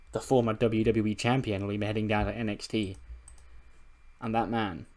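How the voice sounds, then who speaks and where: A man and gaming channel host, casually narrating a game recap with animated storytelling and frequent laughter. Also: mid-range voice. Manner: animated storytelling, acting out characters, laughing often.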